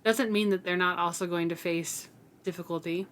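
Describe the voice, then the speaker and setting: A woman co-hosting a podcast, speaking in an earnest, measured, agreeable way in casual discussion. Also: on the low side, fairly even intonation, a bit bright, a little hiss or hum. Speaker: podcast co-host.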